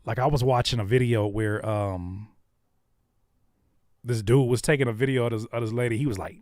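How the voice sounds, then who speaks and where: Relaxed and talking straight to chat, a man hosts a live stream with casual conversation. He speaks briskly in a medium-pitched, slightly mellow voice, recorded with clean studio sound and no room sound.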